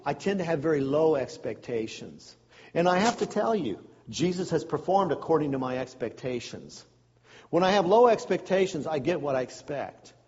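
Pastor type, casual explainer delivering a sermon, long hall reverb, slightly muffled recording. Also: male voice, a little high, a little mellow. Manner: conversational, folksy asides.

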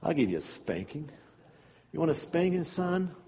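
A man playing a strong, stern father who taunts his son in a low, slow voice. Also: very animated, mellow, long reverb tail, dull audio, slight background noise. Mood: menacing.

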